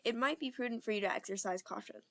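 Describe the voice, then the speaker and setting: A woman's voice: mid-range voice, fast, creaky, no room sound, natural voice. A young woman reading an amateur audiobook, voicing a stern older woman professor in a reedy, clipped Scottish accent, strict but kind. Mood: prim, stern.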